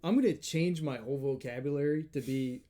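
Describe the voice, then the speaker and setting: A man's voice: mid-range voice, fairly quick, dark tone. A man co-hosting a comedy podcast in laid-back casual chat, often agreeing and laughing along. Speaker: podcast co-host.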